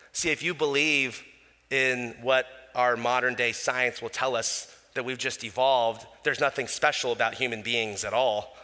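A man preaching a sermon in a relaxed, conversational way, with casual asides and small chuckles. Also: medium pitch, big-room sound. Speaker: pastor.

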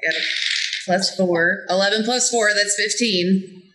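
A woman's voice: mid-range voice, measured pace, sharp tone, poor audio. A woman from the American South playing a tabletop game, chatting casually and laughing often. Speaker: player.

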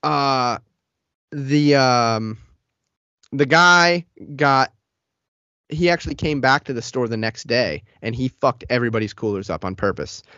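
A man's voice: mid-range voice, unhurried, no echo. Man telling a work story on a lo-fi mic. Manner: animated, profane storytelling. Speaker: podcast co-host. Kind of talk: casual storytelling chat. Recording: dull, lo-fi, dry sound.

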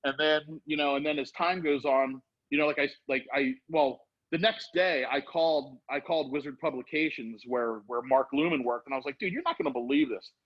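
A man's voice: on the high side, normal speed, few pauses. A middle-aged man telling a long rambling story in casual chat, acting out what people said. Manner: rambling, animated, acts out quotes. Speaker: storyteller guest. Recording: dull lo-fi sound.

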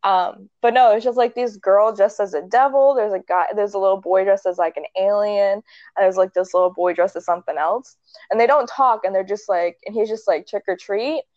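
A woman's voice: medium pitch, fairly quick, a little mellow, no echo, highs cut off. A young woman chatting casually, retelling a movie in a rambling way with many likes and ums and frequent laughs. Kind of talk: casual chat.

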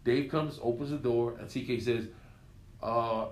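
A man in his fifties, a radio personality appearing as an interview guest, tells stories casually in a mid-range voice at a measured pace. He's a lively storyteller who acts out other people's lines as he goes. The room is echoey.

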